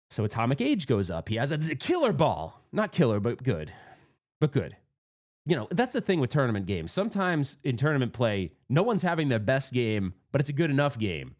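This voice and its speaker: A man telling a rambling, excitable story about a pinball tournament, restarting often and working himself up. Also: mid-range voice, normal speed. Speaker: pinball vlogger. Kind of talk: casual storytelling monologue.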